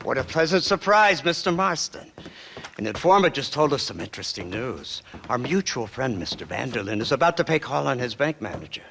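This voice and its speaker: A man's voice: medium pitch, big pitch swings, brisk, creaky, a bit bright, slight background noise. An actor playing a polished, condescending male government agent in a video game, speaking formally and smugly.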